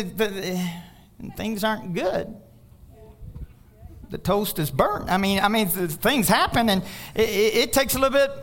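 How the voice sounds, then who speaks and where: A male pastor preaching a sermon, animated, telling stories with quoted dialogue and rising to near-shouts on emphasis. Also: a little high.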